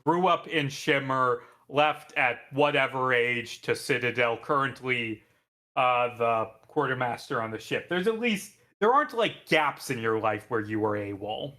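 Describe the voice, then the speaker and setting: Bright-voiced man running a tabletop game. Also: mid-range voice, a little slow. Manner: rambling, filler-heavy, swears casually. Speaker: dungeon master.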